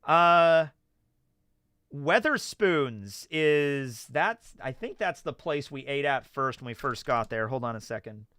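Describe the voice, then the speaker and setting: Chatty American guy, bright crisp voice. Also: mid-range voice, slow pace, dry recording. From United States. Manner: rambling, animated storytelling with many fillers. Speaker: streamer reading chat questions. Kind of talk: casual livestream chat.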